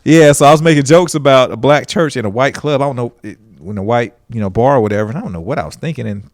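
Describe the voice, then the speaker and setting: A man from Alabama with a Southern accent, a stand-up comedian guesting on a casual podcast, telling animated stories and chuckling often. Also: medium pitch, fast, no echo, clean studio sound.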